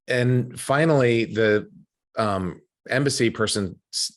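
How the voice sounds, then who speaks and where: A man's voice: mid-range voice, a little slow. A middle-aged American man hosting a casual podcast conversation, telling stories with frequent restarts. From United States. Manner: chatty, storytelling with frequent restarts. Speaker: podcast host.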